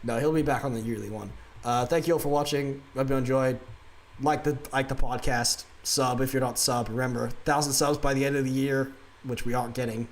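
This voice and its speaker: A man's voice: mid-range voice, steady tone, fairly quick. Aussie guy hosting a podcast, laughs a lot, chill chatty talk, mid voice. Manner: laughing, loose, filler-heavy. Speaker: podcast host. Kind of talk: casual chat.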